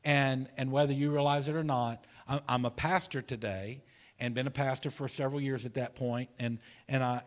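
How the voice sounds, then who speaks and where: A male pastor preaches to his congregation, carrying a personal story in an earnest, conversational way. His pitch sits in the middle for a man, and he repeats himself as he builds a point. He sinks to a soft, hushed voice for the tender moments. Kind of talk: sermon. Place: church sanctuary.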